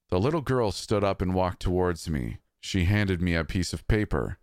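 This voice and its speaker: Deep-voiced man narrating horror. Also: lively intonation, no echo, studio quality. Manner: measured, somber. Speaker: storyteller.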